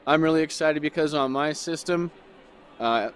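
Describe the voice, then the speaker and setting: A middle-aged man giving casual, excitable commentary as he drives a racing simulator, talking in bursts with lots of fillers. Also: on the high side, normal speed, clean tone. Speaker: sim racing YouTuber. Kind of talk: casual commentary while driving.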